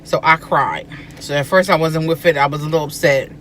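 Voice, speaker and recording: A woman recounts family memories in a casual chat from inside a car. She is animated, often acting out what she and others said. Faint vehicle noise runs behind her. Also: low-pitched, brisk. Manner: animated, acts out quoted speech. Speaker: guest, host's sister.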